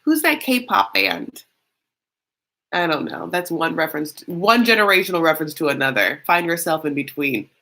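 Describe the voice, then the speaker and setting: A woman's voice: deep voice, sing-song, moderate pace, sharp tone. A woman hosting a casual reality-show recap, chatty and loose, full of fillers and calling the audience honey.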